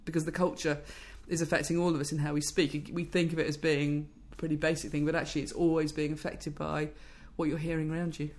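A woman with a low-pitched voice, a speech researcher explaining her work in an interview, thoughtful and fluent with frequent restarts. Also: flat delivery, fast talker, hardly any pauses, a little mellow. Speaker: speech scientist guest.

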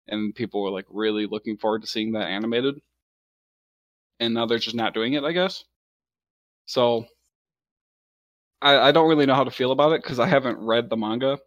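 Young guy, lowish voice, chill anime chat, lots of likes and ums, dry sound. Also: no room sound. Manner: relaxed, filler-heavy, laughs easily. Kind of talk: casual chat about anime.

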